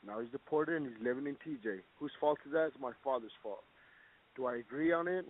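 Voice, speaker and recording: A man's voice: medium pitch, fast, breathy edge. A man of Mexican origin giving blunt, profane, rambling opinions in a casual recorded segment. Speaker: boxer, guest segment. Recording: tinny phone-like sound.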